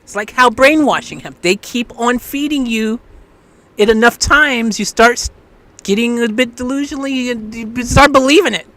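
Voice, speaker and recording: A live-stream host chatting casually with viewers, telling stories in a rambling, animated way. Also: medium pitch, moderate pace, dry recording. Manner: rambling, animated storytelling with restarts. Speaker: livestream host.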